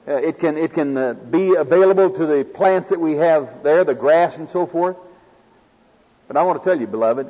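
A man with an Oklahoma accent and a slightly high, somewhat rough voice preaches a folksy, homespun sermon full of farm stories. The lo-fi recording sounds dull, captured in a reverberant hall.

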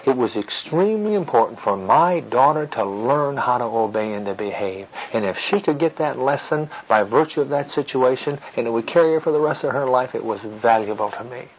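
A middle-aged man giving an earnest teaching talk with personal stories, in a measured, firm, fatherly way. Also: on the low side, muffled recording, a little hiss or hum. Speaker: Christian parenting teacher.

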